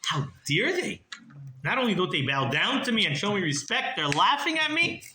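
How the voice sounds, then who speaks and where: A man's voice: high voice, sing-song, normal speed, sharp tone, slight background noise, voice pushed up, exaggerated voice. A man voicing an indignant, proud male sheikh who complains in a raised, agitated voice about being mocked. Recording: roomy echo.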